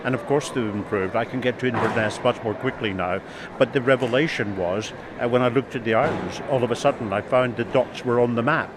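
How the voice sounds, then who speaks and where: A man answers steadily and thoughtfully, his voice mid-pitched. Outdoor event noise is clearly heard behind him. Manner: measured, thoughtful. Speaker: event visitor. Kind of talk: interview answer.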